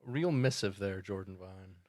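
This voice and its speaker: A man's voice: sits low, measured pace, a little mellow, dry recording, studio quality. A man co-hosting a podcast in casual chat, wry and swearing, who explains things at length. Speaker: podcast co-host.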